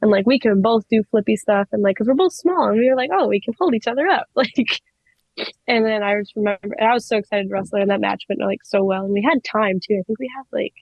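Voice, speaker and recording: A young woman in her twenties, a wrestler telling stories in a casual interview, excitable and giggly with lots of fillers. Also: mid-range voice, fast talker, no echo, dull audio. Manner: excitable, giggly, many likes. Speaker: wrestler, guest.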